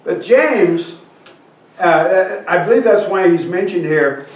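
A man's voice: high voice, lively intonation, slow. A man preaching a sermon, reading scripture aloud and asking the congregation questions. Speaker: pastor. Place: church sanctuary. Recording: echoey church hall, from far off.

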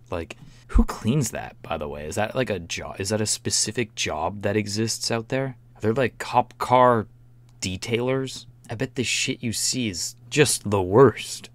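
A man's voice: lowish voice, measured pace. A man commenting casually on a video, joking, swearing and laughing often. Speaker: reaction video host.

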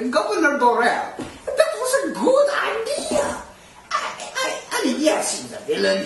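A cranky centuries-old vampire count, played by a woman, rants as host of a comic horror review show, pitched a little high and swooping wildly between highs and lows. The sarcastic tirade bounces around a very echoey room, picked up from a distance with a faint hiss of noise underneath. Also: heavily acted. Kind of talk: comic in-character rant.

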